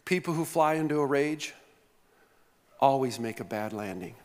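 A man's voice: medium pitch, moderate pace. A male pastor delivering a sermon, telling stories with playful humor and asking the congregation questions. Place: large church hall. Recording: long reverb of a church hall.

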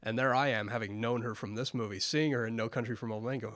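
A man co-hosts a casual movie podcast, blunt and keen, dropping swear words as he talks. His voice is mid-pitched and recorded dry and close, with no room sound. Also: steady tone, fast, fairly bright tone, dry recording. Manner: blunt, swears freely, enthusiastic. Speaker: podcast co-host. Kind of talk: casual film discussion podcast.

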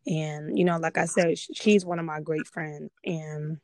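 A woman's voice: low voice, steady tone, unhurried, darkish tone, dry recording. A woman hosting a casual podcast, chatty and repeating herself for emphasis as she talks straight to her listeners. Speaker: podcast host.

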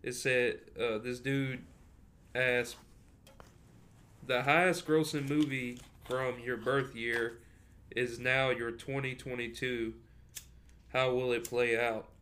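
A man's voice: medium pitch, little pitch movement, slow pace, pauses often, a bit bright. A man in his thirties co-hosting a podcast, laid-back, reading items aloud and chatting. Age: 30s. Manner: laid-back, reads items out to the other host. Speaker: podcast co-host. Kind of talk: casual chat.

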